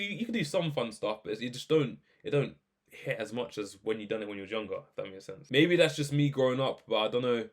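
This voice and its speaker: A young man giving casual, animated reaction commentary, ranting and firing off questions. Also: mid-range voice. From England. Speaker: video reaction host.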